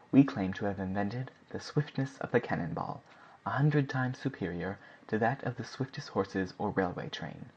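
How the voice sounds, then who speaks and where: A fervent, grandiloquent gun-club secretary, read by a man who makes lofty, impassioned speeches. His voice is husky and fairly low. The recording is dull and lo-fi.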